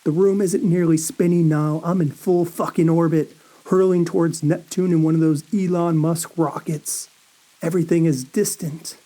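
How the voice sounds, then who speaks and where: A man narrating a first-person horror story in a slow, brooding, anxious way. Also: a little high, fairly even intonation, mellow.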